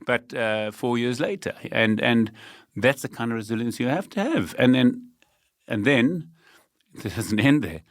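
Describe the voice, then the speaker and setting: A man's voice: medium pitch, lively intonation, unhurried, no echo. A South African man, a guest telling his story in a determined, emphatic way, laughing lightly now and then. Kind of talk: conversational storytelling.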